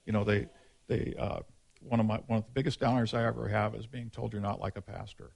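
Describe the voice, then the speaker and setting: Gravelly-voiced pastor preaching casually. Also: male voice, fairly low pitch, little pitch movement, fast, a little mellow. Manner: candid, conversational, informal. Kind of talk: sermon.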